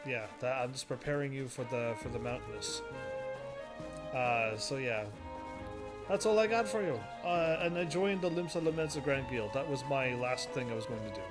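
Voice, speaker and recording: A man casually commentating while he plays a game, rambling and quick to laugh at it, with game music behind him. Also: medium pitch. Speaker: gaming video host. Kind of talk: casual let's-play commentary.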